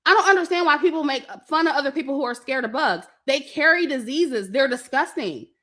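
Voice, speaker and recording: A woman's voice: high voice, animated, brisk, fairly bright tone. A young woman telling a story to her viewers in casual, profane chat, laughing often and acting out her family's lines. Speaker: vlogger.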